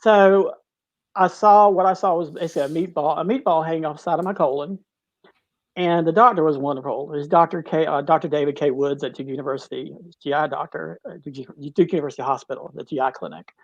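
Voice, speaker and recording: A middle-aged man, a teacher, tells his cancer story in an interview, halting and restarting, choked up at times. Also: a little high, fairly even intonation, dry recording, dull audio. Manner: halting, with many restarts, tearful at moments. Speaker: guest, cancer survivor. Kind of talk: emotional personal story in a talk-show interview.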